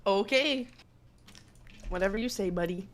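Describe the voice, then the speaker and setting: A woman's voice: mid-range voice, measured pace, slight background noise. A woman streamer trading crude, teasing jabs with a friend while gaming, swearing a lot and chewing into her mic. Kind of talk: casual gaming stream banter.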